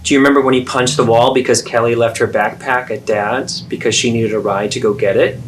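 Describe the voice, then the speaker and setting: A man's voice: mid-range voice, fairly even intonation, brisk, slight background noise. A man, therapist and host, acting out an adult child confronting a parent in a role-play, earnest and pleading.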